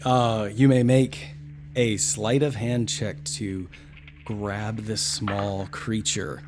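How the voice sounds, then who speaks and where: A man's voice: fairly low pitch, steady tone, slow, background noise. A man running a tabletop fantasy game, describing scenes and calling for dice checks. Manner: theatrical, descriptive narration. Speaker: game master.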